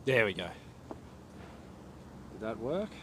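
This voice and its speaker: A man's voice: on the low side, very animated, takes it slowly, slight background noise. An Australian man chatting casually on a livestream, rambling and talking to himself and his viewers. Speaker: archery livestreamer.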